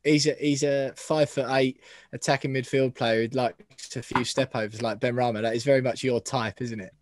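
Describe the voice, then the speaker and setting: A man's voice: mid-range voice, steady tone, brisk, a little hiss or hum. A man hosting a football podcast in casual chat, talkative and laughing often at himself. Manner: chatty, laughs often, self-mocking. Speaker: podcast host.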